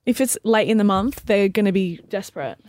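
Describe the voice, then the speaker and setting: A woman co-hosting a radio show, chiming in with quick questions and short reactions in casual chat. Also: mid-range voice, darkish tone. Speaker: radio co-host. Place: radio studio.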